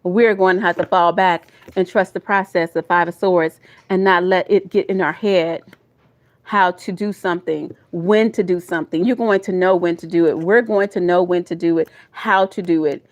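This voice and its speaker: A woman's voice: on the low side, fairly even intonation, moderate pace. A woman with a Southern US accent doing a live tarot reading. She talks to her viewers in a folksy, emotional way and calls them y'all and baby. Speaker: tarot reader.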